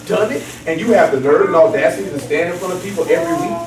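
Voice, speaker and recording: Man, Bible study teacher, high voice, chatty and streetwise, recorded far off in an echoey room with a crowd. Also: very fast. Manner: animated, streetwise, keeps asking "you know what I'm saying". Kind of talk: casual preaching to a small group.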